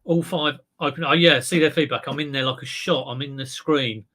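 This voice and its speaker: A man's voice: a little high, fairly quick, bright, forceful tone. A man hosting a casual live stream, chatting to viewers and thinking aloud, with frequent fillers and self-mocking asides. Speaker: eBay reseller livestream host.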